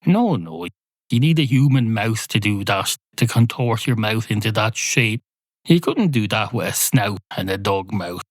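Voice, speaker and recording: Deadpan man rambling absurdly. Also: lowish voice, normal speed, dry recording. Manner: deadpan, absurd, swears, argues with imagined listeners. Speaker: podcast host. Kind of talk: rambling solo comedy monologue.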